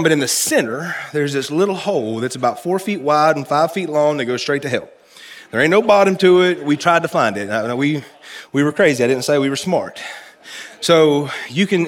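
A man's voice: a little high, a bit bright. A man preaching a sermon to his church, telling stories with humor and talking straight to the congregation. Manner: folksy storytelling with humor; conversational, addresses congregation directly. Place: church service.

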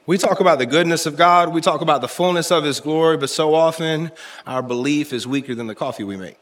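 A man's voice: on the high side, quick pace, fairly bright tone. Folksy male preacher telling stories. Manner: folksy storytelling with humor; conversational, addresses congregation directly. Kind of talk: sermon. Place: church service.

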